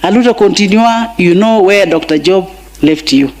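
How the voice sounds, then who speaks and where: At a large funeral gathering, a middle-aged Kenyan woman delivers an emotional eulogy for her husband. Her Kenyan-accented voice is medium in pitch, moderately paced and a little mellow, and she mixes in Swahili phrases.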